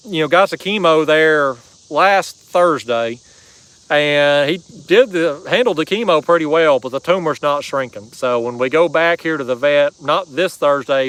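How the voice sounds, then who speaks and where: A man's voice: on the high side, fairly bright tone, smooth, dry recording, low-quality recording. A man hosting a fishing livestream from a kayak, chatting casually and reading out viewer comments in a folksy drawl. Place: kayak on a river outdoors.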